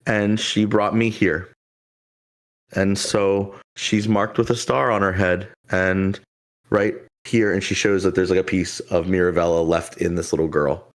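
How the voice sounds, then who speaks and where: Man, game master, deep voice, rambling, filler-heavy narration. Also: flat delivery, a little slow. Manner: loose and rambling, full of "like" fillers.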